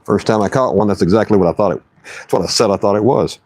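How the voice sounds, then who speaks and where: A man's voice: fairly low pitch, fast, a little mellow. A man live-streaming while he fishes, chatting folksy and casual and reading his chat aloud. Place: outdoors on the water.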